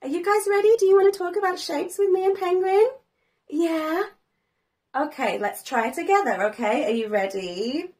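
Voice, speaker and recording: A woman's voice: very high-pitched, moderate pace, darkish tone. A woman hosting a children's learning video as a preschool teacher, talking in a sing-song way with dramatic gasps and plenty of praise.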